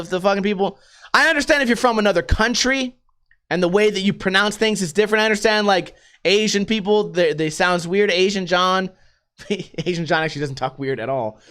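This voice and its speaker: A young male podcast host rants loosely and swears often. His voice is high and bright, with a smooth, clear tone. He rambles and jumps his pitch up and down to make a point. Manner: profane, rambling, swings pitch for emphasis. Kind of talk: casual rant.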